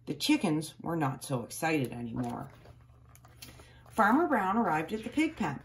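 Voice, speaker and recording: Woman reading a storybook to kids, playful and expressive, bouncy pitch. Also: normal speed. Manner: expressive, playful emphasis on sound words. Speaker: children's story reader. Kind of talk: read-aloud storytelling.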